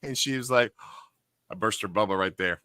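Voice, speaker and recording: A man co-hosting a casual podcast, telling an animated story and acting out the voices of the people in it. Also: fairly low pitch, normal speed, clean tone, no echo. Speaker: podcast co-host and karaoke host.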